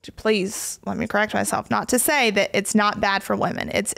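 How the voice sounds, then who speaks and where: A woman's voice: medium pitch, steady tone, moderate pace, vocal fry, fairly bright tone. A young woman hosting a podcast, speaking thoughtfully and often correcting herself mid-sentence. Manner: thoughtful, restarts and corrects herself, many affirming murmurs. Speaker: podcast host. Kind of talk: casual conversational interview.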